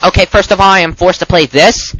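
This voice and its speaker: A man's voice: high voice, fairly even intonation, a little fast, heavy background noise. A man doing a rebuttal commentary on a game review, exasperated and lecturing.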